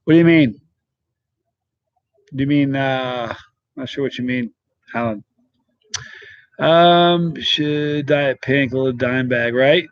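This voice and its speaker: A man's voice: mid-range voice, slow, long pauses, smooth, no room sound, lo-fi sound. A middle-aged man hosting a casual live stream, chatting and rambling as he greets viewers by name. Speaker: channel host reading live chat.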